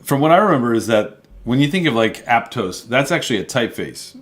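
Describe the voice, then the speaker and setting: A man co-hosts a casual travel chat at an ordinary pitch. He explains points at length in a relaxed way, filling gaps with ums and you knows. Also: brisk. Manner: relaxed, explanatory, lots of fillers. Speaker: co-host.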